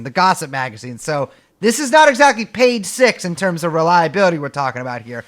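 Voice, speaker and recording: Animated, sardonic podcast host. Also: male voice, fairly high pitch, a little fast, hardly any pauses. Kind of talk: casual podcast chat.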